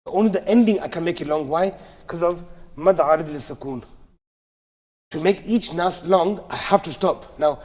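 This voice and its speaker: A man's voice: fairly high pitch, normal speed, darkish tone. A man teaching recitation rules in a live class, explaining step by step and checking that students follow. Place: large mosque hall. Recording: long hall reverb.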